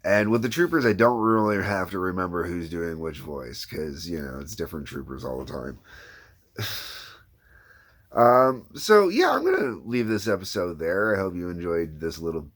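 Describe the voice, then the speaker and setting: A man with a low, deep voice talks in a loose, meandering way. He is the creator and host of his own animation series, chatting casually about how it gets made. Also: sing-song, normal speed, a bit bright. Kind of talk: casual behind-the-scenes chat.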